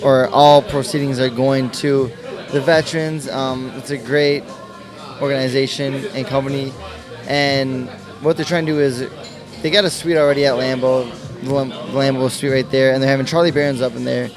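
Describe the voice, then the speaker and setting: A man's voice: medium pitch, little pitch movement, moderate pace, a crowd in the background. Laid-back young man talking in a bar. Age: 20s. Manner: laid-back, loose slangy talk. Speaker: guest. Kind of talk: casual live podcast interview. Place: busy bar. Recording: bar with music playing behind.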